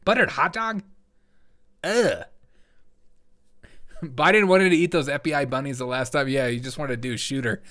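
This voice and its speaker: A man's voice: medium pitch, moderate pace, pauses often, fairly bright tone. A man in his forties hosting a comedy commentary show, reacting to chat with jokey, sarcastic asides. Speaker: host.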